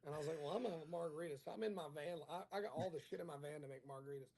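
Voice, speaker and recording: A man's voice: fairly high pitch, racing, darkish tone. A male comedian telling a rambling, crude, self-mocking story in casual chat, acting out the dialogue. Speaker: comedian guest.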